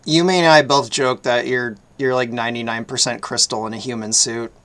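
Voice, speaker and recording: A man hosting a casual chat, relaxed and soft-spoken, laughing easily. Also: medium pitch, a little fast. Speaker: host.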